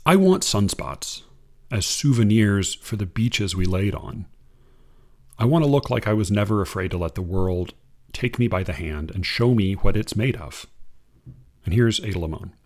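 A man commenting on poetry, reading quotes aloud in a measured, hesitant way. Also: on the low side, expressive, a little mellow. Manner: measured, hesitant, restarts often.

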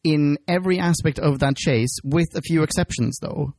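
A man's voice: a little high, moderate pace, a little mellow, no room sound, clean studio sound. A man co-hosting a podcast in casual chat, joking and laughing often as he talks. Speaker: podcast co-host.

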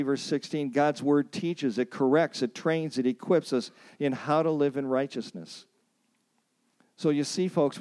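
Emphatic preacher, man, mid-pitched. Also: a little mellow. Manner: emphatic, repeats phrases and asks the audience to say lines back; storytelling with self-deprecating asides. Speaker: preacher leading a workshop. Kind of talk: sermon.

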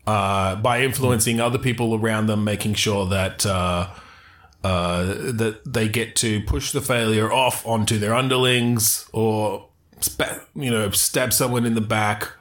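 A man's voice: on the low side, fairly even intonation, unhurried, a bit bright. A man improvising a smug, scheming character who claims to steer people toward failing upwards. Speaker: improv comedian playing a scheming spirit. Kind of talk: improvised comedy chat.

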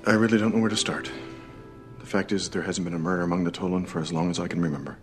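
A man's voice: low-pitched, steady tone, racing, close to an everyday voice. An actor playing an anxious male alien official who speaks hesitantly and earnestly, in a TV clip with music underneath. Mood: troubled.

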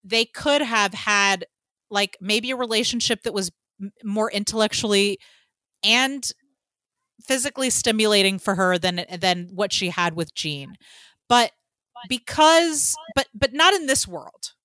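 A woman's voice: mid-range voice, expressive, a little slow, pushed and bright, no room sound, studio quality. A woman co-hosting a podcast, talking casually and animatedly about a film and swearing freely. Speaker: podcast co-host. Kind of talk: casual film-review chat.

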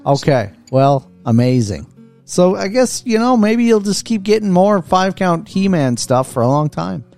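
A man's voice: high voice, very animated, unhurried, gravelly, a little mellow, soft background music. A man co-hosting a podcast in casual chat, joking and laughing easily. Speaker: podcast co-host.

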